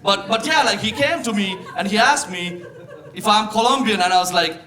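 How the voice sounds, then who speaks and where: A young man with a Sri Lankan accent performing live stand-up comedy, telling animated stories and punching up the lines loudly. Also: high voice, normal speed. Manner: animated storytelling, shifting into loud exclaiming punchlines. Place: comedy club stage with live audience. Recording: live show with crowd laughter. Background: audience laughing.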